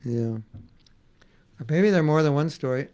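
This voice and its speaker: A man's voice: on the high side, expressive, slow, mellow. A man giving an informal devotional class, chatty and laughing as he tells stories and acts out the voices in them. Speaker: spiritual teacher giving a class.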